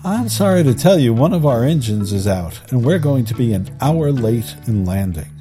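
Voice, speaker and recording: A man voicing a calm male airline captain giving formal, apologetic announcements over a loudspeaker. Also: mid-range voice, normal speed, soft background music, close to an everyday voice.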